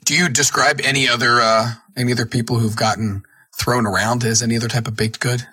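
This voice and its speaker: Raspy man asking questions. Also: mid-range voice, fairly even intonation, quick pace, sharp tone, no room sound. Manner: curious, questioning. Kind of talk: casual podcast chat.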